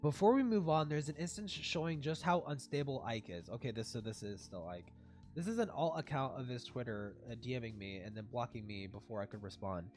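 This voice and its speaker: A young adult streamer giving casual reaction commentary, laughing often and swearing a lot in an excitable way. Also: medium pitch, a little fast.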